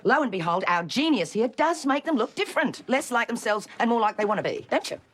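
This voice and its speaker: A woman's voice: a little high, very animated, fairly quick, slight background noise. A sly, gossipy small-town woman. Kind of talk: film dialogue.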